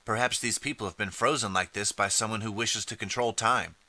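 A man's voice: on the low side, steady tone, brisk, bright, forceful tone, no room sound. A man voicing a nervous young time traveler in an audiobook, speaking hesitantly and musing aloud. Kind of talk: audiobook character reading.

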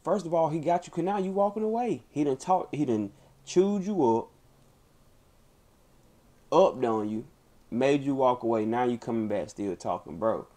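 Blunt streamer giving heated commentary. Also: male voice, medium pitch, lively intonation, normal speed, pauses often, dark tone. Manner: blunt, emphatic, repeats points, swears freely. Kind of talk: live reaction commentary.

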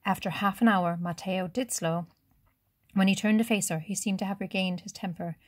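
An audiobook narrator reads a scripted story in a steady, measured way. Her mid-range voice comes through in a clean studio recording with no room sound.

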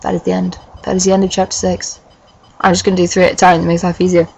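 A woman doing a comic dramatic reading of a fan fiction, breaking off for sarcastic, deadpan asides with swearing. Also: lowish voice, quick pace, creaky, breathy edge, low-quality recording. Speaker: reader and commentator of a fan fiction.

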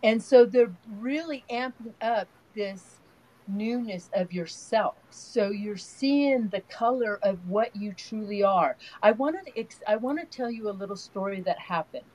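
A woman's voice: medium pitch, measured pace, poor audio. An older woman, an energy healer, talking in a rambling, earnest way as an interview guest, telling long stories. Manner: rambling, storytelling, soft and earnest. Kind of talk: casual spiritual interview talk.

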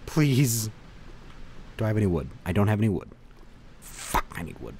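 Young dude yelling and cursing at game mobs, lowish voice that jumps all over, faint hiss behind. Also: male voice, a little fast, long pauses. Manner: swears a lot, animated outbursts, talks to game mobs. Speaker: gaming video creator. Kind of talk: let's play commentary.

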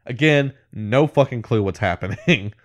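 A man's voice: medium pitch, expressive, moderate pace. A man co-hosting a podcast, casually recapping a movie scene by scene, rambling with lots of filler words and laughing as he goes. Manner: rambling, full of "like" and "whatever", laughs mid-sentence. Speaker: podcast co-host.

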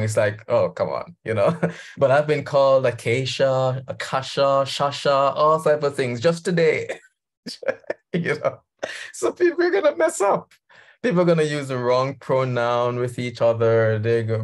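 A man coaching leaders, talking conversationally over a video call and laughing easily. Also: mid-range voice. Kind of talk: guest talk on a video call.

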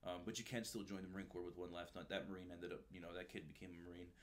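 A man telling stories from his time as a recruiter in a relaxed, animated way, peppered with slang and swearing. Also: sits low, rapid-fire. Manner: animated, swears freely, says "dude" and "bro" often. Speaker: guest, former Marine recruiter. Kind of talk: casual storytelling.

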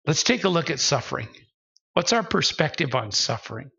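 A man's voice: on the high side, very animated, fairly quick, gravelly, pushed and bright, muffled recording. A man preaching a sermon as pastor in a church, emphatic and acting out the voices of the believers he describes. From United States. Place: church sanctuary.

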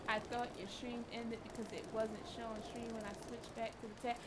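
A woman's voice: fairly high pitch, flat delivery, fairly quick, heavy background noise. A woman streaming a game live, chatting casually and talking back to the game and her chat with lots of laughter. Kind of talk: casual live gameplay commentary.

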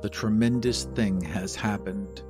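An earnest, defiant young man, played by a man in an audio drama, with a voice dropped well below the narrator's and words laid down slowly and gravely. Music plays underneath. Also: steady tone, close to an everyday voice. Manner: low, earnest, deliberate. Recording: voice over music.

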